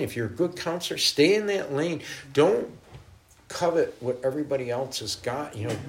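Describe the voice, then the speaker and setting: A middle-aged man, a guest minister, telling stories in a casual interview, acting out quotes and laughing often. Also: mid-range voice. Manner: animated storyteller, voices quotes, laughs often.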